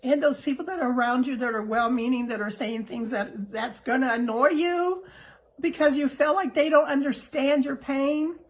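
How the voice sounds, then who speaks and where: A middle-aged woman hosting a heartfelt, reflective monologue. She speaks in a gentle, reassuring way and sounds emotional, close to tears. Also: high voice, normal speed, poor audio. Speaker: host.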